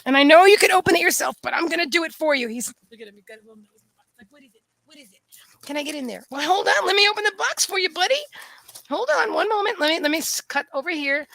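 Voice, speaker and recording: A woman hosting a casual livestream from a room in her home, gushing and excitable as she talks to her dogs. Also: extremely high pitch, rapid-fire, creaky, no room sound. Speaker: host of a live psychic reading stream. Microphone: camera setup lit by a ring light.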